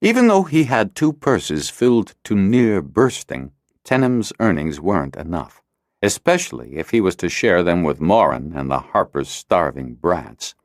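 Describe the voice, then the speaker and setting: Deep-voiced, expressive male audiobook narrator. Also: a little slow, dry recording, studio quality. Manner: expressive, dramatic storytelling. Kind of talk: scripted narration.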